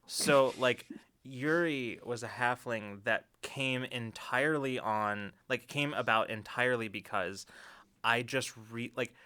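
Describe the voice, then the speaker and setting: A man's voice: mid-range voice, unhurried, bright, forceful tone, smooth. A man co-hosting a casual tabletop gaming chat show, telling stories animatedly and laughing often. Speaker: podcast co-host.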